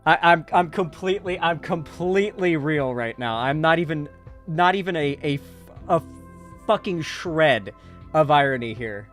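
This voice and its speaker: With soft background music underneath, a man with a fairly high, slightly bright voice talks at normal speed with lively intonation. The online commentator recaps a movie through casual, sarcastic, profane political commentary, heavy on fillers and restarts.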